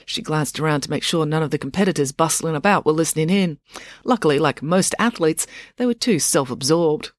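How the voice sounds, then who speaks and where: A woman reading a children's story aloud in a lively, playful narration. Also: sits low, a little fast, no room sound, studio quality. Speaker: audiobook narrator. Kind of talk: scripted narration.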